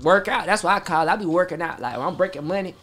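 A young man, a performing artist, telling stories in a casual interview chat, animated and profane, acting out his own reactions. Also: high-pitched, racing.

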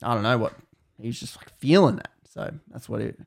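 Man, casual storytelling, animated, lots of fillers, acts out quotes, mid-pitched voice. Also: a little fast, creaky.

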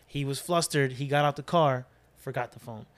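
A man casually telling a long story on a podcast, animated, swearing freely and acting out his friends' voices. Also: medium pitch, moderate pace. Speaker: podcast co-host.

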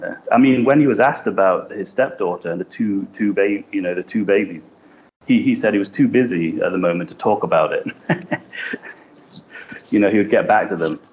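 A man's voice: fairly low pitch, brisk, darkish tone. A man chatting on a podcast in a rambling, hesitant way with many fillers. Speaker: podcast co-host. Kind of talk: casual podcast chat. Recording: dull lo-fi remote line with faint hiss.

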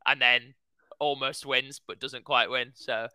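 A man's voice: mid-range voice, a little slow, clean tone, no room sound, low-quality recording. A man in his twenties, a podcast co-host, telling a story in casual chat and filling it with "like". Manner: animated storytelling, heavy use of "like".

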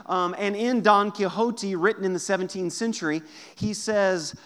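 A man preaching a sermon as pastor to his congregation, lively and joking with the listeners. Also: sits high, normal speed. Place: church service.

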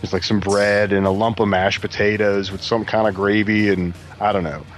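A man casually telling a story to friends, animated and profane, acting out what others said. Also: fairly low pitch, moderate pace. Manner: animated, profane, acts out quotes. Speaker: podcast guest telling a story.

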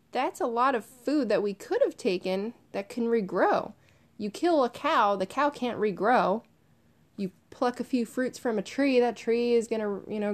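Chatty young woman hosting a podcast. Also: medium pitch. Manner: chatty and animated, swears casually, addresses listeners as guys. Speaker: podcast host. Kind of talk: casual solo podcast monologue.

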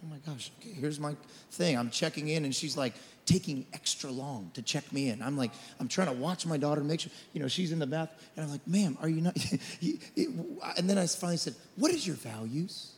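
A man in his forties preaching a sermon as lead pastor, passionate, swinging from shouted declarations to quiet storytelling. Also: fairly high pitch, lively intonation, brisk, few pauses. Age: 40s. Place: church auditorium. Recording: church hall reverb.

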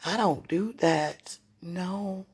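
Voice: mid-range voice, extremely slow. A person chatting casually and affectionately at home in a kitchen, with frequent laughter and a playful, teasing manner. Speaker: person talking to a loved one. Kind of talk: casual one-sided chat. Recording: roomy sound from a distant mic with faint background noise.

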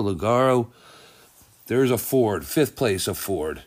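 A man's voice: lowish voice, expressive, a little slow. A man hosting a casual sports podcast, rambling and thinking aloud as he goes through results and news, often correcting himself. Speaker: podcast host.

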